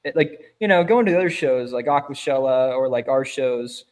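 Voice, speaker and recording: A man's voice: mid-range voice, a little fast, darkish tone. A man chatting casually as a guest, telling stories loosely with many fillers and easy laughs. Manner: rambling storyteller, many fillers, laughs easily. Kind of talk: casual chat.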